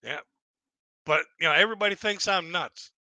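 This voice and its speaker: Bright, rambling male stand-up storyteller. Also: high voice, moderate pace, no echo, low-quality recording. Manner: rambling, repeats himself, acts out other people in raised voices. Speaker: stand-up comedian. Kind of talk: storytelling stand-up on a live stream. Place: at home, live streaming.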